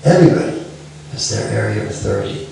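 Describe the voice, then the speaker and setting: A middle-aged man giving a devotional lecture with stories, softly chanting a mantra between remarks and asking his listeners questions. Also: a bass voice, wildly swooping pitch, fast, vocal fry. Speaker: devotional speaker. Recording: echoey room, far from mic, faint hiss.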